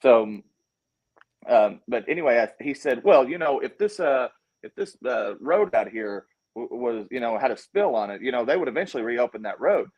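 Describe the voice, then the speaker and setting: A man's voice: medium pitch, moderate pace, highs cut off. A man with a Southern US accent, a documentary filmmaker talking casually as a guest, telling stories and acting out quotes with lots of restarts. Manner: animated storyteller, acts out quotes, frequent restarts. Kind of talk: casual conversation.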